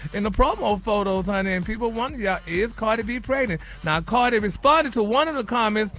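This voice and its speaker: Sassy high-voiced man dishing gossip. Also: lively intonation, fairly quick, fairly bright tone. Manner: sassy, peppers talk with "honey" and "y'all". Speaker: celebrity gossip reporter. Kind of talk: flamboyant gossip segment.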